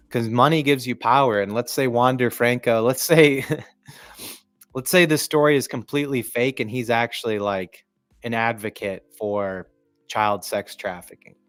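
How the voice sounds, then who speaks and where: A man hosting a sports live stream, talking in a casual, rambling, profane way and often clearing his throat. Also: mid-range voice, no room sound. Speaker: livestream sports commentator.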